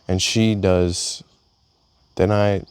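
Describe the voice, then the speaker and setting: A young man casually reading his personal journal aloud, telling a story with halting restarts. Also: sits low, little pitch movement, smooth, no echo. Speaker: vlogger.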